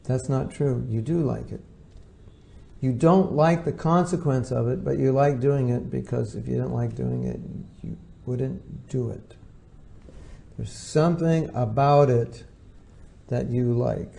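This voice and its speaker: Gravelly, dark-voiced man lecturing. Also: mid-range voice, measured pace. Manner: conversational, acts out quoted voices. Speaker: spiritual teacher. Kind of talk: informal lecture to devotees.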